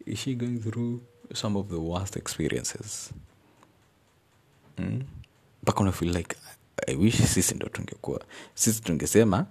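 Slow, gravelly young man. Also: deep voice, darkish tone. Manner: earnest, reflective, searching for words. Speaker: podcast host. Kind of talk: casual personal storytelling.

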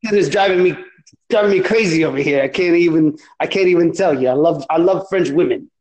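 A man's voice: on the high side, quick pace, a crowd in the background, close to an everyday voice. A man playing a brash, short-tempered Jersey Italian guy on a comedic phone call, crude and rambling with lots of "you know". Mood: swaggering. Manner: boastful, crude, rambling with fillers.

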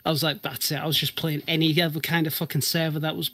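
A man's voice: on the high side, little pitch movement, quick pace, sharp tone, no room sound. A man telling a long story in casual chat, rambling with many restarts and casual swearing.

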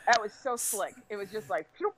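A woman's voice: mid-range voice, fairly quick, poor audio. A woman who teaches English, a guest on a podcast, chatting casually and thinking aloud. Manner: lively, laughing, thinks aloud. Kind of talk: casual chat.

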